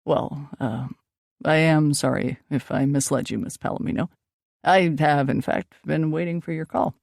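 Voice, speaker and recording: Woman reading as a playful, teasing young man, eccentric ghost hunter; light gravel in the tone, dry close mic. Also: low-pitched, normal speed, darkish tone, no echo. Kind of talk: audiobook dialogue.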